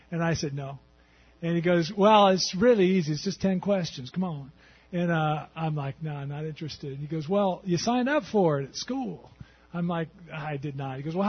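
A middle-aged man telling his personal faith testimony in a conversational, halting way, with fillers and restarts. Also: fairly high pitch, husky. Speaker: Christian testimony speaker. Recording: dull lo-fi sound.

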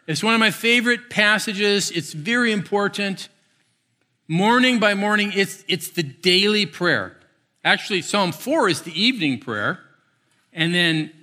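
A man preaching a sermon, swinging between hushed, slow phrases and quick, emphatic bursts. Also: fairly high pitch. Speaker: pastor.

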